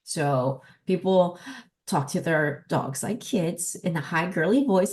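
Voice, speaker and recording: Emphatic woman dog trainer, lowish voice. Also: slow. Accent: New Jersey. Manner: emphatic, lively teaching delivery. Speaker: dog trainer and podcast host. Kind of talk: casual podcast talk.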